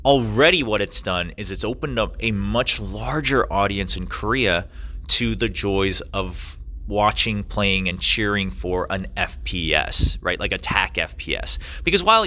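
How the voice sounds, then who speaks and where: A young male esports caster answers interview questions thoughtfully in a lowish, sharp-toned voice. His answers are full of fillers and restarts.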